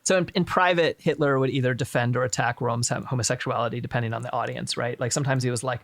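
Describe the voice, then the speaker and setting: A man hosts a relaxed history chat with a gravelly, creaky voice. He swears freely and throws in wry asides, recorded dry and close with mid-range pitch. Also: fast, few pauses, no echo. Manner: irreverent, profane, joking asides. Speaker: stream host. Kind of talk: casual history chat on a live stream.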